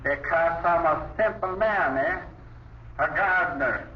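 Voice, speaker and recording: An actor playing a bitter, obsessive gardener in an old radio drama, brooding and threatening. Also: male voice, a little high, slight background noise, close to an everyday voice. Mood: resentful. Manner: brooding, slow and threatening, breaks into laughter. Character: bitter older male gardener, menacing and obsessive. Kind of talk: 1930s radio drama acting. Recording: muffled old radio recording, roomy.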